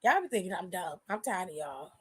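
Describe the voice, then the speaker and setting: A woman hosting a show and casually retelling events in an animated, slangy way, often acting out what people said. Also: on the low side, brisk, husky. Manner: animated, slangy, acts out quoted lines. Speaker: show host. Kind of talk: casual recap storytelling.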